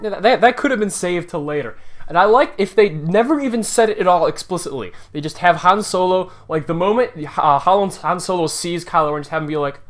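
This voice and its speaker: Sarcastic man ranting about a movie. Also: a little high. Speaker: movie reviewer. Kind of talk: casual spoiler review rant.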